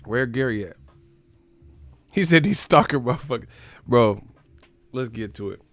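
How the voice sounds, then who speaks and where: A man's voice: medium pitch, lively intonation, moderate pace, no echo. A man hosting a live stream, casually reacting to chat with profane, mocking commentary.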